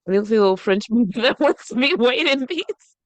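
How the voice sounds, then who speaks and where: A gossipy woman co-host riffing in casual podcast banter, her voice pitched fairly high and recorded dry and close with no room sound. She curses bluntly and keeps breaking into laughter mid-sentence. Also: lively intonation, brisk, no room sound. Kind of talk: casual chat.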